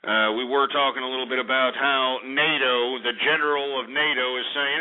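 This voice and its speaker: A man's voice: mid-range voice, fairly even intonation, moderate pace. Angry profane male radio host. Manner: angry, profane, shouting insults. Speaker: radio talk show host. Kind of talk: call-in radio rant. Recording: tinny phone-like radio broadcast.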